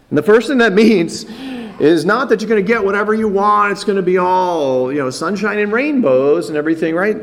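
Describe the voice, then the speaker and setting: A man's voice: high voice, fairly quick. A man preaching a sermon, earnest, often repeating words as he builds a point. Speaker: pastor.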